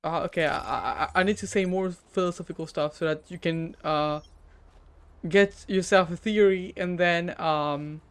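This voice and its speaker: A woman's voice: lowish voice, normal speed, clear, resonant tone. A woman streamer with a French accent, chatting casually while gaming, teasing herself, stammering and giggling.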